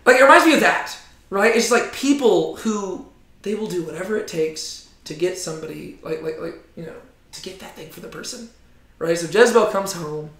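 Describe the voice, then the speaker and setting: A man teaching a Bible study group in a casual, animated way, peppering his talk with "like" and "right?". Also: high voice, fairly quick. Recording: roomy echo.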